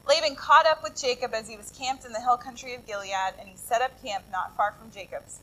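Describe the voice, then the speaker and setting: Woman pastor, high and bright-toned, sermon, chatty storytelling with asides to the listeners. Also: brisk, slight background noise, poor audio. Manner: conversational, lively retelling with asides to the congregation.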